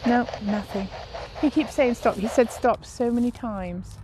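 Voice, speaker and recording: A woman paranormal investigator gently coaxing and questioning spirits during an outdoor session in a cemetery. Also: fairly high pitch, a little slow, background noise.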